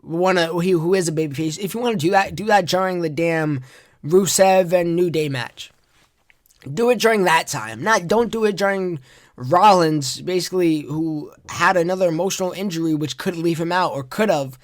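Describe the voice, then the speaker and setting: A man's voice: high-pitched, normal speed, no echo, clean studio sound. Exasperated man recapping wrestling. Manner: exasperated, rambling commentary. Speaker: podcast host.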